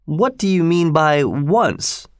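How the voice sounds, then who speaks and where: Brash Victorian clubman, raised pitch, shouting dares, read by a male narrator. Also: animated, slow, no room sound, clean studio sound. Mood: doubtful. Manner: loud, challenging, exclamatory. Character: excitable Victorian gentleman bettor.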